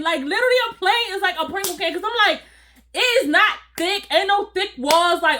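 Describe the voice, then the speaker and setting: A woman telling a casual, animated storytime to her viewers, acting out voices and laughing along. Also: very high-pitched. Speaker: storytime vlogger.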